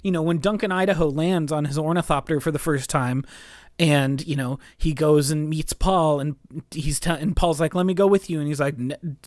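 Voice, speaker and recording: A podcast co-host in a casual film chat who talks quickly and animatedly, full of restarts and "like"s. The voice sits mid-range in pitch. The sound is dry and close, with no room echo. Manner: animated, talks fast with many restarts and fillers.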